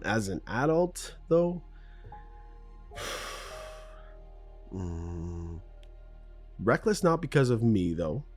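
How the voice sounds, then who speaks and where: A man's voice: on the low side, darkish tone, husky. A middle-aged Canadian man hosting a solo podcast, telling personal stories in a rambling, self-correcting way with ums and laughs. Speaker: podcast host. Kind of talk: unscripted solo podcast monologue.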